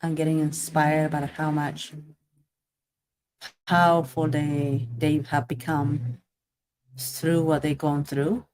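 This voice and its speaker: A woman's voice: sits low, level tone, slow, long pauses, darkish tone. A woman hosting a podcast in casual chat, talking in a reflective, thoughtful way. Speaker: podcast host.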